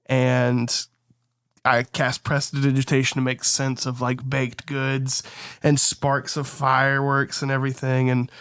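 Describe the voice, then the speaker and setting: A man playing a tabletop game, with a smooth, clear voice recorded close and dry. He casually narrates what his character does. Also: mid-range voice, completely flat delivery, a little slow, a bit bright, no echo. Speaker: player. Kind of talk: tabletop game role-play.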